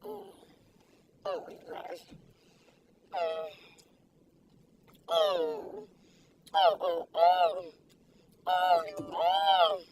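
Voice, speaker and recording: A woman taste-testing food in a casual vlog, talking in an excitable, giggly, gushing way. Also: extremely high pitch, very slow, long pauses. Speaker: food reviewer. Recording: distant mic with faint background noise.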